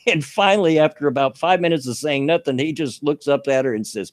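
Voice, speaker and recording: A man's voice: on the high side, fairly quick, no room sound, studio quality. A man hosting a casual talk show, telling a story with frequent chuckles and restarts. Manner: chatty, laughs through his own story, frequent restarts.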